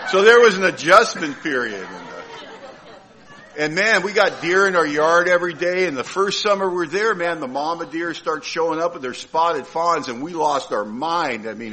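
Bright-voiced man telling a heartfelt story. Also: a little high, animated, moderate pace, a faint crowd, a little hiss or hum, rough recording. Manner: heartfelt, humorous storyteller with comic timing. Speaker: speaker at a recovery meeting. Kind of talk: personal storytelling talk.

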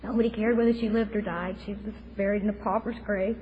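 A woman's voice: medium pitch, steady tone, fast. Woman in her fifties giving testimony. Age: 50s. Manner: earnest, reflective storytelling. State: tearful at times. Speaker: speaker sharing her recovery story. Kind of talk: personal testimony at a recovery meeting. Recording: dull lo-fi recording with faint noise.

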